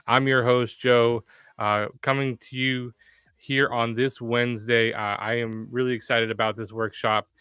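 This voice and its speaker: A man hosting a live developer workshop stream, upbeat and energetic, with frequent "uh" fillers. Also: medium pitch, a little slow, clean tone, no room sound. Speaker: livestream workshop host.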